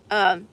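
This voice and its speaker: A woman chatting casually with her viewers outdoors on a deck, rambling and laughing often. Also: sharp tone. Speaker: livestream host.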